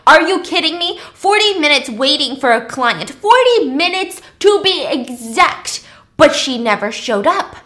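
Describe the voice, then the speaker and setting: A woman voicing a furious, proud older male art dealer who shouts in indignation. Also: high voice, big pitch swings, measured pace, voice pushed up, full character voice. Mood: outraged.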